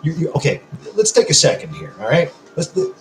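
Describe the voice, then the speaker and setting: Pitched on the high side with huge swings, this man talks fairly quickly in an echoey room, faint music behind him, on a low-quality recording. Drinking beer during a casual live stream, he responds to comments in an effusive, rambling, heavily profane way.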